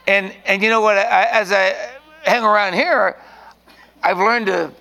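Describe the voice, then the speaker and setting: A man's voice: high-pitched, steady tone, measured pace, creaky, bright, forceful tone. A man preaching an informal sermon in a rambling, folksy way, often restarting his sentences.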